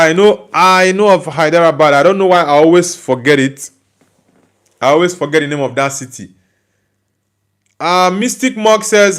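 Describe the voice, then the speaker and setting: A man's voice: sits high, a bit bright, smooth. A young Nigerian man hosting a football livestream, reading viewer comments aloud and answering them bluntly in casual chat. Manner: blunt, dismissive retorts to viewer questions. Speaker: football news livestream host.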